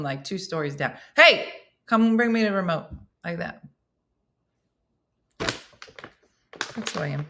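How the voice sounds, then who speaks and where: A middle-aged woman hosting a casual morning show, joking with viewers while she cooks. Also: mid-range voice. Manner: animated, jokey, talks to viewers while cooking. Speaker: host.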